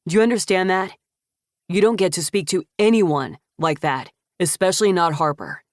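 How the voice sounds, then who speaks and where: A woman's voice: lowish voice, normal speed, no echo, studio quality, natural voice. A woman narrator voicing a protective young man who firmly stands up to his mother in an audiobook. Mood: defiant. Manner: firm, defiant.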